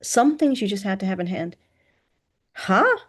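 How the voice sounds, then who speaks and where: A woman narrating a first-person novel in an even, measured reading voice. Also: mid-range voice, slightly rough. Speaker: audiobook narrator.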